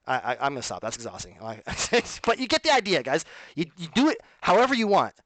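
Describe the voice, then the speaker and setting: A man's voice: on the high side, wildly swooping pitch, fast talker, a bit bright. A man talking to his viewers in a casual, rambling monologue, emphatic and full of asides. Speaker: vlogger.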